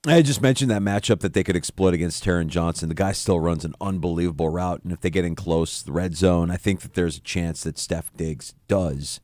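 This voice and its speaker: Deep-voiced male football analyst. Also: a little mellow, no room sound, clean studio sound. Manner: measured, analytical. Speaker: sports radio co-host. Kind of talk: sports analysis.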